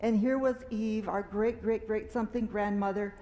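A woman telling a children's story at a church service, animated and dramatic, acting out fearful cries and screams. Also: mid-range voice, moderate pace, in a large hall. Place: large meeting hall.

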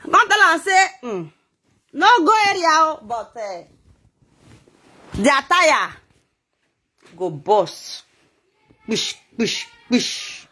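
A woman with a Nigerian accent telling gossip stories in a casual vlog. She talks in an animated way, exclaiming and repeating words for effect. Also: high-pitched, slow pace, long pauses. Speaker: gossip vlogger.

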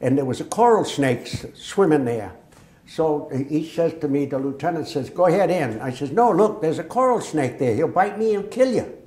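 A man's voice: on the high side, normal speed. Older man telling war stories. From Massachusetts. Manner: lively storyteller who acts out quoted dialogue. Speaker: veteran interviewee. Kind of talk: oral history storytelling. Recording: echoey room.

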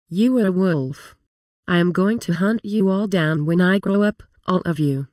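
A woman's voice: lowish voice, darkish tone, no room sound, lightly acted. A woman voicing a cheeky, boastful young hunter's daughter, read close to a dry home mic. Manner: bragging, defiant.

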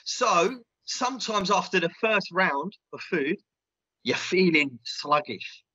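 A man's voice: sits high, animated, takes it slowly, sharp tone, breathy edge, no room sound, dull audio, heavily acted. A man playing a big, earnest, clueless self-styled diet guru in a comedy sketch, instructor patter full of "yeah?" and "right?". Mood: instructive.

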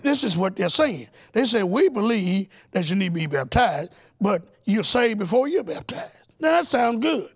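A male preacher with a strikingly high voice and a gravelly, fried edge teaching a televised Bible lesson. He presses his points hard, fires rhetorical questions at the audience, and pushes up into excited, almost shouted highs. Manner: rising to excited, near-shouted peaks.

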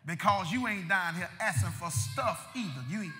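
A male pastor preaching a sermon, repeating words and building up to shouted peaks. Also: high-pitched, animated, normal speed, faint music behind. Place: church sanctuary. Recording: long reverb of a church hall.

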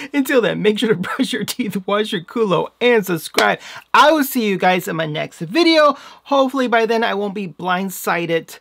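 A man's voice: high-pitched, animated, moderate pace, gravelly, fairly bright tone. A man reviewing beauty products in a casual, chatty vlog at home, joking at himself and laughing often. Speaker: beauty vlogger. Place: home with a mirror under a skylight.

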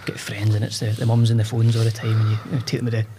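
A man's voice: lowish voice, monotone, racing, dark tone, a little hiss or hum. A Scottish man in his forties, a podcast guest telling stories about his past in a chatty, self-deprecating way. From Scotland. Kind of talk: casual podcast chat.

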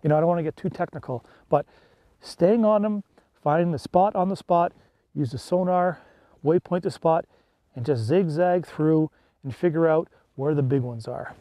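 Guy fishing off a boat, high pitched, folksy and excitable, lots of "eh". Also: moderate pace, no room sound. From Canada. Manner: excitable, folksy, peppers talk with "eh". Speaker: fishing vlogger. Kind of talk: casual on-the-water chat. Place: small boat out on a lake.

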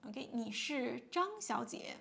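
A woman teacher with a Chinese accent speaks slowly in a slightly high voice with a gravelly edge. She explains patiently, repeats each word and keeps saying "yeah" and "okay" between phrases. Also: very animated, fairly bright tone. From China. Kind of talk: explaining a beginner lesson.

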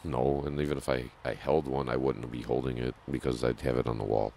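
A very deep, gravelly young man rambles through crude jokes on a casual podcast. He talks loosely and profanely. A faint hiss of noise sits behind him. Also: level tone, fairly quick, warm tone. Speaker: podcast co-host.

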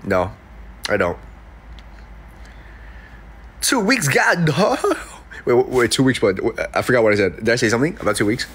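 A man's voice: lowish voice, quick pace, slightly rough. A young man in his twenties with a cold, joking casually while reading chat on a livestream in his room. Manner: playful, jokey, reacting to comments. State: sniffly with a cold. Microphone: desk mic.

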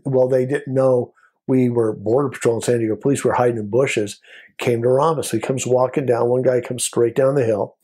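An older man, a former border patrol agent, telling a story in an interview in a lively way and acting out the voices of the people in it. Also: medium pitch, moderate pace, breathy edge. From United States. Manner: animated storyteller, acts out quoted voices.

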